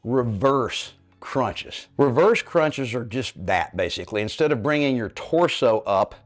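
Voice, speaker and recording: Over soft background music, a mid-range male voice with lively intonation keeps a measured pace. The speaker, a fitness coach in his fifties, leads a workout in his home living room, getting breathless as he demonstrates and checks in with "okay, guys?"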